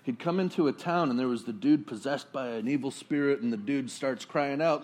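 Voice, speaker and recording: A man preaching a casual sermon, talking it through conversationally and acting out quotes in a lively way. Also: brisk, hardly any pauses. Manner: conversational, acts out quotes with sudden high jumps and laughs. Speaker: pastor.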